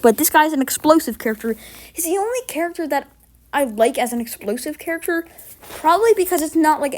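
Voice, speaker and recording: A woman with a fairly high voice talks through a tier list of game characters in a loose, rambling way, often correcting herself mid-sentence. She sounds slightly sick and short of breath. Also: a little mellow. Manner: rambling, chatty, self-correcting. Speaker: gamer ranking characters. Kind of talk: casual tier-list commentary.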